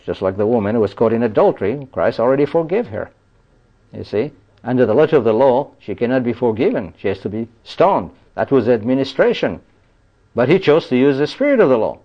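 A man preaching a sermon, explaining scripture in a plain teaching way and often checking in with "you see?". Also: medium pitch. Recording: dull lo-fi recording.

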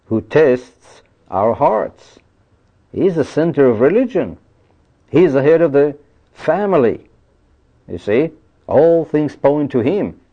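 A male preacher delivers a sermon with emphatic conviction, reading verses and breaking off to drive home his points with rhetorical questions. His voice sits at an ordinary middle pitch. The recording sounds muffled and lo-fi. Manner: emphatic, repeats "you see" and asks rhetorical questions.

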